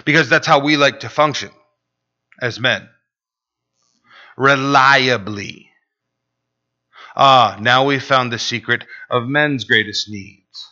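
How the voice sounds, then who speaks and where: In a dull, lo-fi recording, a male pastor delivers a sermon in a bright, mid-range voice with a forceful tone. His delivery is emphatic and drawn out, and he keeps asking "right?"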